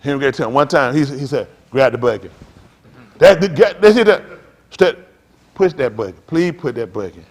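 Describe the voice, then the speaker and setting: A man preaching a sermon as pastor, telling stories with loud outbursts. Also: a little high, moderate pace. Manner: animated preaching with storytelling, loud outbursts and laughs.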